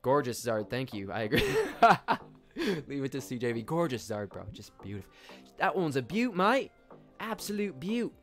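A young man streaming live from his home office on a desk microphone, excitably reading out chat names and laughing as he opens card packs. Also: mid-range voice, normal speed. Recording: loud game music under the voice. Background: game music.

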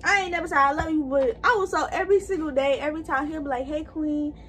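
A woman's voice: high voice, rapid-fire, fairly bright tone. A woman vlogger rambling in casual chat to her viewers while she gets ready. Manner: rambling and chatty, talking straight to viewers.

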